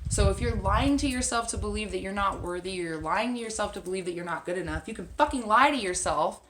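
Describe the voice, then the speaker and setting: A woman's voice: mid-range voice, expressive, quick pace. A woman spiritual coach giving a casual self-help talk, blunt, swearing freely and hammering her points home. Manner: blunt, profane and emphatic. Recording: echoey room with loud background noise.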